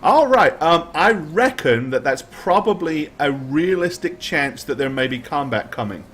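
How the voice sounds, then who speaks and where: A young man running a tabletop game as game master, narrating in vivid, drawn-out descriptions with frequent ums. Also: on the high side, expressive, fairly bright tone.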